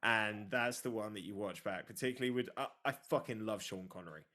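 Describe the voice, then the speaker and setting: A young man with a lowish voice co-hosts a podcast, talking briskly in casual chat. He tells stories with animation and acts out the quotes.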